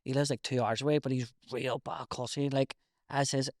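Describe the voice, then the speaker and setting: A man's voice: mid-range voice, fairly even intonation, normal speed, darkish tone, dry recording, clean studio sound. A man with a West Belfast accent chatting casually on a podcast, calling the other man mate. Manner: chatty, says mate a lot. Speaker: podcast host. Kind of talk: casual chat.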